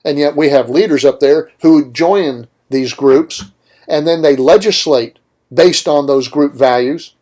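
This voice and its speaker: A man's voice: medium pitch, darkish tone. A man hosting a political talk radio show, delivering an opinionated monologue with emphatic points and rhetorical questions.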